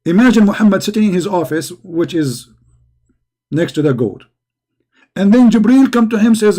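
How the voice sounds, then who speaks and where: A high-voiced man delivers combative commentary in broken English. He mocks and challenges his opponents. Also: expressive, normal speed, long pauses, mellow. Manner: mocking, challenging, non-native grammar.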